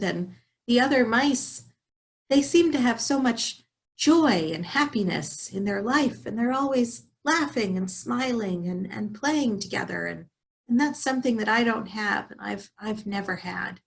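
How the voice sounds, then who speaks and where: A woman's voice: medium pitch, moderate pace, vocal fry, close to an everyday voice. A woman voicing a hardworking, lonely female field mouse in a storybook tale, speaking firmly and earnestly. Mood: reflective. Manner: firm, earnest.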